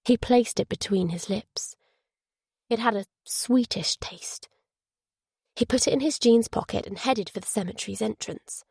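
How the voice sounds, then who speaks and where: A woman reading a thriller audiobook in measured, even narration. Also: a little high, gravelly, husky, no echo, whispered, clean studio sound.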